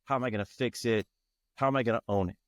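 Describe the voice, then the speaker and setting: A man's voice: mid-range voice, fast talker, no room sound. A man speaking as a guest in an interview, earnest and searching, often restarting his phrases. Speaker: guest, tantra facilitator. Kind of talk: reflective interview talk.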